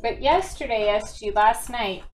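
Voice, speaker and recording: A woman's voice: on the high side, a little slow, slight background noise, poor audio. A woman co-hosting a podcast in casual, rambling chat, often restarting her sentences. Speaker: podcast co-host.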